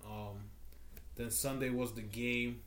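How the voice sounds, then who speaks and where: A man's voice: medium pitch, steady tone, slow pace, a bit bright, roomy sound. A man co-hosting a podcast, telling stories in a rambling, laid-back casual chat. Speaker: podcast co-host.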